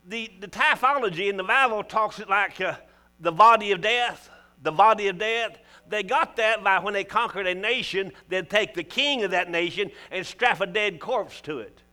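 A man's voice: sits high, normal speed, few pauses, pushed and bright. A man with a Southern US accent preaching a sermon, folksy and joking, with emphatic calls to the congregation.

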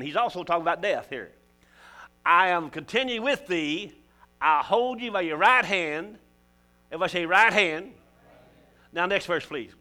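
A man's voice: high voice, expressive, normal speed, long pauses, sharp tone, soft background music. An older man preaching a folksy sermon in church, calling out to the congregation. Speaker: pastor.

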